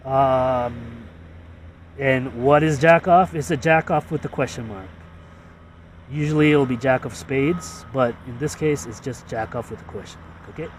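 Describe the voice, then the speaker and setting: Slow, halting man, distant mic. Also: mid-range voice, a little hiss or hum. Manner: halting, repetitive, full of fillers and restarts. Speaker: creator explaining his own ads. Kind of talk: casual rambling explanation.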